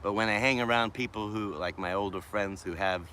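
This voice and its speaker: Over a little hiss or hum, a lowish, sharp-toned male voice carries a faint Boston accent. The vlogger is livestreaming outdoors in the shade of a wooded city park, responding to comments at an easy pace and drifting into trailing restarts.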